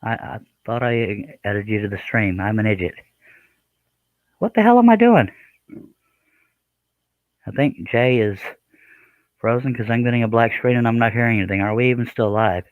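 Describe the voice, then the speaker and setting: A man's voice: lowish voice, fairly even intonation, fairly quick, no room sound, phone-quality sound. A man hosting a live stream, chatting casually in a joking, rambling, self-deprecating way. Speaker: live stream host, scroll saw artist.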